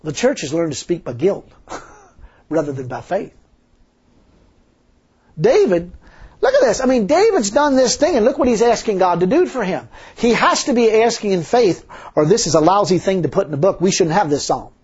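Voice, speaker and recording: A man's voice: sits high, sing-song, normal speed, darkish tone, slightly rough. A man preaching a sermon in a folksy, emphatic way, full of rhetorical questions. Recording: dull lo-fi sermon recording.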